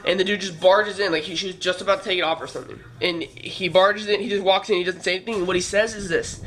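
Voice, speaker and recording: A man's voice: sits high, steady tone, fast talker, a bit bright. A young man vlogging, telling a rambling, profane story full of fillers. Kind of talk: casual storytelling. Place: California trip, downtown L A.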